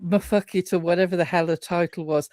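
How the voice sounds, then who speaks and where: A woman's voice: on the low side, fairly even intonation, a little fast, darkish tone, dry recording. Woman, live-stream co-host, chatty and indignant, dry close mic. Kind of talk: casual live-stream chat.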